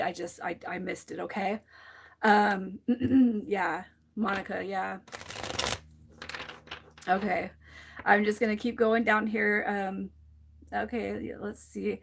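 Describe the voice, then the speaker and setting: A woman's voice: mid-range voice, vocal fry. A woman giving a live tarot reading to viewers, candid and emotional, swearing freely and restarting her sentences, close to tears. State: teary, close to crying. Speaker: tarot reader on a livestream.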